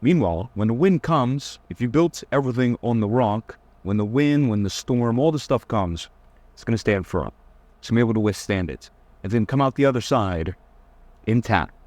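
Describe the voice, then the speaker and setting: A man's voice: medium pitch, animated, normal speed, darkish tone, dry recording. A young man giving a casual, blunt dating-advice lecture, teasing his listeners and mocking them in whiny put-on voices.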